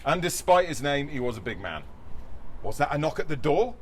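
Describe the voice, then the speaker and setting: A man's voice: fairly high pitch, sing-song, brisk, slight background noise. A man hosting a live podcast, reading a silly story aloud with a playful, laughing delivery. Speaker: podcast host.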